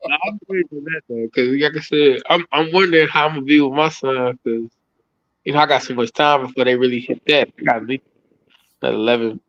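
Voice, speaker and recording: A man's voice: medium pitch, fast, no room sound. A man in his thirties, a podcast guest, chatting casually and rambling through anecdotes with frequent chuckles. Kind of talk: casual chat. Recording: slightly muffled lo-fi audio.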